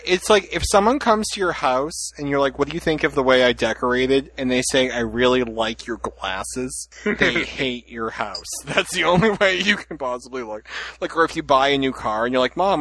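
A man's voice: mid-range voice, lively intonation, brisk, a bit bright, no room sound. A man hosting a podcast, telling rambling jokey stories in casual group chat. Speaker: podcast host.

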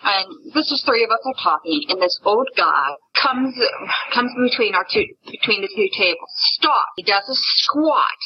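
A woman's voice: mid-range voice, expressive, moderate pace, dull audio, slight background noise. A woman co-hosting a casual podcast, laughing her way through a story. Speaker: podcast co-host.

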